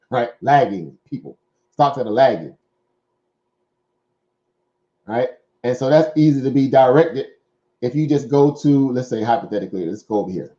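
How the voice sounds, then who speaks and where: Southern man hosting a market show, warm and mellow, loose and rambling, lo-fi sound. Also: on the low side. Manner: rambling, conversational, many fillers and "right?" asides. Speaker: stock market show host. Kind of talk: casual market commentary.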